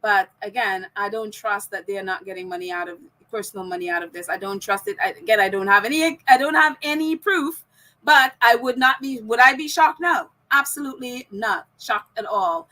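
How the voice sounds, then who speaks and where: A woman's voice: mid-range voice, normal speed, pushed and bright. A woman hosting a casual podcast, reading viewer comments and ranting about them with frequent laughs. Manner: ranting, laughs often between phrases. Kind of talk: casual opinion chat.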